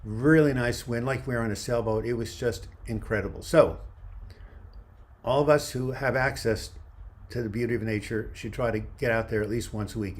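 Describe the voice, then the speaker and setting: A man in his seventies hosting a casual livestream outdoors, rambling as he reads viewer comments aloud into a phone held in one hand. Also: medium pitch. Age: 70s. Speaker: livestream host. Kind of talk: casual livestream chat answering viewer questions. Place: outdoors by a river waterfront.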